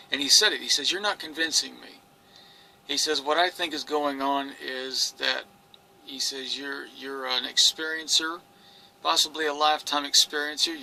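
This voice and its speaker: A man's voice: a little high, vocal fry, bright, forceful tone, a little hiss or hum, low-quality recording. A man telling his own story in an earnest, rambling monologue, restarting phrases and quoting others. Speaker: experiencer recounting his story. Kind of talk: personal monologue to camera.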